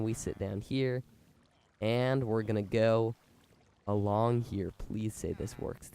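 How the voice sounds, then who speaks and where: A man who is sick with a fever and sore when he talks, rambling excitedly as he explains a build in a gameplay commentary. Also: on the low side. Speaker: video game commentator. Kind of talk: let's-play gameplay commentary.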